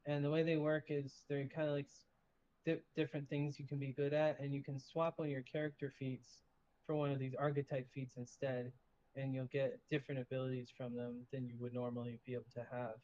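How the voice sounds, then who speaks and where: A man's voice: mid-range voice, little pitch movement, brisk, mellow, dull audio. A man running a tabletop game who explains rules casually, with many fillers and restarts. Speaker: game master.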